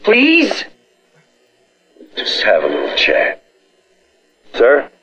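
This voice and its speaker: A man making a prank phone call, with a deadpan, blunt and pushy manner. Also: on the low side, takes it slowly, slightly rough, faint music behind. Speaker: prank caller.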